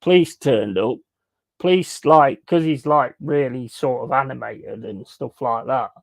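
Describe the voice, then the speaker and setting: A man's voice: medium pitch, a little slow, vocal fry, no echo. A man telling crude, blunt stories in a casual chat while streaming a game. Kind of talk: casual sweary storytelling while gaming.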